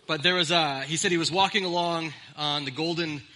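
A middle-aged man delivers a sermon from the pulpit with a strikingly bright, sharp tone. His voice sits a little high for a man. He speaks earnestly and conversationally, stumbling into small restarts now and then. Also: fairly quick. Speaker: pastor. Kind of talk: sermon with opening prayer.

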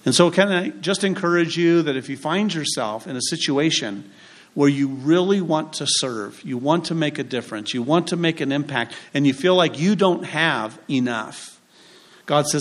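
A man with a fairly high voice preaches to his congregation in a church. He talks through the scripture like a conversation and drops joking asides along the way. The delivery is relaxed but keeps a preacher's pulse. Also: normal speed. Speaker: pastor. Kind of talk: sermon.

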